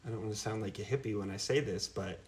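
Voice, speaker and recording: A man in his thirties from Middle America, a guest in a casual podcast interview, who talks with animated, playful emphasis and laughs often. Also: lowish voice, fast. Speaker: podcast guest, endurance athlete.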